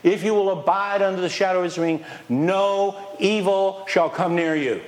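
A man delivers a sermon as pastor in a voice sitting a little high for a man. He talks to the room with constant questions and lively shifts in loudness. Between points he sometimes mocks excuses in a whiny tone. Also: moderate pace. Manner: animated, questions the congregation, swings from loud to quiet.

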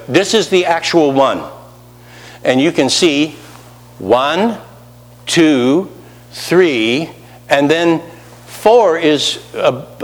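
A man preaching a sermon, animated, with rising emphasis and rhetorical questions. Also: medium pitch, in a large hall.

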